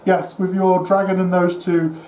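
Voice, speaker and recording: A man's voice: sits high, flat delivery, normal speed, mellow. A man co-hosting a tabletop wargame battle report, talking in a tired, rambling, self-mocking way. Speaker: tabletop wargame player and co-host. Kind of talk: casual battle-report chat. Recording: echoey room with faint hiss.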